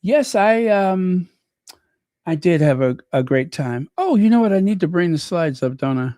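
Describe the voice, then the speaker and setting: A man's voice: high-pitched, expressive, normal speed, mellow, dry recording. A man hosting a casual livestream, chatting in a rambling way with many fillers and restarts, close to the mic. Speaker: channel host.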